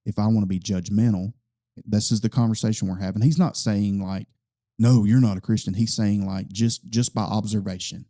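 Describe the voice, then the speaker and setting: Male podcast host, casual and long-winded; deep mellow tone, dry room. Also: steady tone, fairly quick, no echo. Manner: long-winded storytelling, frequent fillers. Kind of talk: casual conversation.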